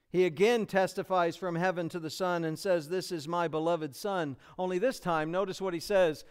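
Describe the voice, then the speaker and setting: Male American pastor, high, clear voice; earnest expository sermon. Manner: earnest expository preaching, acting out quotes.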